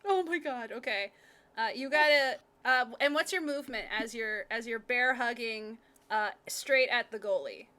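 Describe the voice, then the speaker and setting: Gm, woman, high bright voice, lively storyteller who laughs a lot. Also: normal speed. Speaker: game master. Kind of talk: narrating a live tabletop game.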